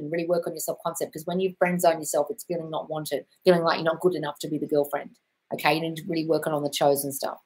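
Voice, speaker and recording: A woman's voice: low voice, level tone, quick pace. A woman answering chat questions on a casual live stream, blunt and sweary, calling viewers darling.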